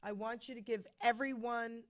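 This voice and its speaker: A woman's voice: a little high, steady tone, normal speed. A woman hosting a radio talk show, speaking in an encouraging, conversational way. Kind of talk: casual radio chat.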